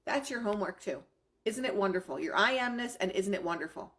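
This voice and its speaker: A middle-aged woman talking as a self-help coach. She sounds enthusiastic, keeps repeating affirmations and swears casually. Her voice sits at an ordinary middle pitch for a woman. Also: expressive, fairly quick, fairly bright tone. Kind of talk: live coaching talk.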